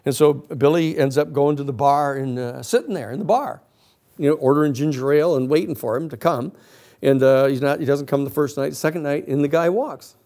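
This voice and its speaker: A male lecturer spinning a long story for a class. His telling is rambling and animated, full of fillers and restarts. His voice sits fairly high for a man. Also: brisk.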